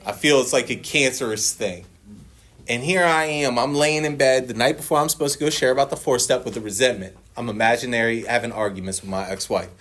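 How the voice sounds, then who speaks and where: A man's voice: mid-range voice, brisk. A man in his forties sharing his recovery story at a meeting, swearing a lot, laughing often and acting out what others said. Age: 40s. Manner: profane, animated storytelling with acted quotes; laughs often while telling. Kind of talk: personal share at a recovery meeting.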